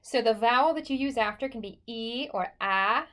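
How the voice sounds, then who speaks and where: A woman's voice: fairly high pitch, normal speed, a bit bright. A woman voice teacher talking through a singing lesson in a chatty, encouraging way, with many likes and okays.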